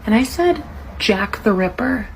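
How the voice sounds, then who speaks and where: Deadpan woman telling a story. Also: on the high side, unhurried, creaky. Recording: noisy background.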